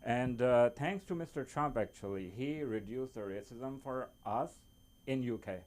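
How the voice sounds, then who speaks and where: Halting non-native English-speaking man comedian. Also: medium pitch, darkish tone. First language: not English. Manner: halting, many fillers and restarts. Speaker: stand-up comedian. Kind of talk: open mic stand-up set. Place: small comedy club.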